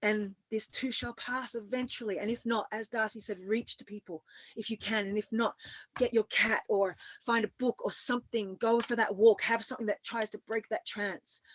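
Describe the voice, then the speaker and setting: A woman's voice: on the high side, fairly even intonation, moderate pace, no echo. Chatty upbeat woman with a dry close sound. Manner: chatty, upbeat, giggles often. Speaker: podcast co-host. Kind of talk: casual conversation.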